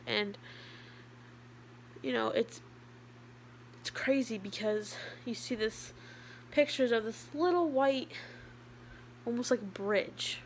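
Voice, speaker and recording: A teenage girl talking to camera in a casual vlog, rambling with lots of fillers and sometimes dropping to a soft, quiet voice. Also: medium pitch, gravelly, slight background noise. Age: teens. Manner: chatty, rambling, with many fillers. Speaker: vlogger.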